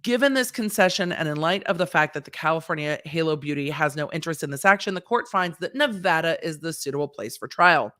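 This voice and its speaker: A woman's voice: low-pitched, fast, few pauses, no room sound, studio quality. A woman lawyer hosting a casual legal commentary, reading court papers and acting out the judge's lines with sass. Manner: animated, sassy, acts out the court's lines in quotes.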